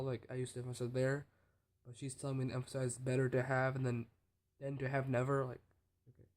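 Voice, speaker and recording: A teenage male student talking casually to camera, rambling with restarts and fillers and often trailing off quietly. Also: medium pitch, monotone, brisk. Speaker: student speech competitor. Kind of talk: casual vlog talk.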